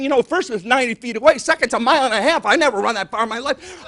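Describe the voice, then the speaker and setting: An older man from Detroit, Michigan performs rambling, self-mocking stand-up full of exaggerated tall tales. His voice is very high and a bit bright, and he talks fast with few pauses.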